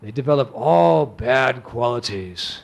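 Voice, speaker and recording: A man's voice: mid-range voice, animated, measured pace, creaky, voice pushed down. A man voicing an elderly male spiritual master who speaks sternly and asks probing questions.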